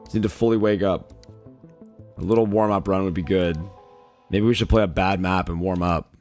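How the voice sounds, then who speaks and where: A man who has just woken up, with a raspy voice, chatting casually on a livestream, greeting viewers and rambling with lots of fillers. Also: sits low, steady tone, moderate pace, a little mellow, soft background music. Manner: loose and rambling, many "like" fillers, greets chat by name. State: just woke up, yawning. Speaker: streamer.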